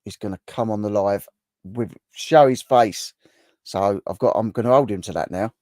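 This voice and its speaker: A middle-aged man hosts a laid-back livestream, chatting at length and often restarting his sentences. His voice sits on the low side. The sound is dry, with no room echo. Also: normal speed, dark tone. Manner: chatty and rambling, with many restarts. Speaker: livestream host. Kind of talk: casual live chat reading viewer comments.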